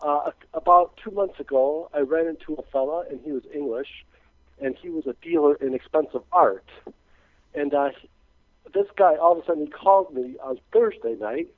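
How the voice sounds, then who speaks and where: A man's voice: on the high side, moderate pace, dry recording. Stammering man on a tinny phone line. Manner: hesitant, stammering, earnest. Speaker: caller, radio guest. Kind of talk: phone-in chat.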